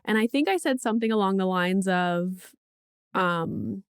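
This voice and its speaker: A woman's voice: medium pitch, measured pace, clear, resonant tone, no room sound, studio quality. A woman hosting a podcast in casual chat, telling a parenting story candidly, swearing freely and saying "like" often. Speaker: podcast host; mother of a young child.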